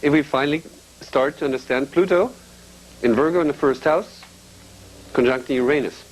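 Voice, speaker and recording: Man teaching, fairly high voice. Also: normal speed, poor audio. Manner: explains step by step, often checks with a questioning "yeah?". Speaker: astrology teacher. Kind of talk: teaching a class.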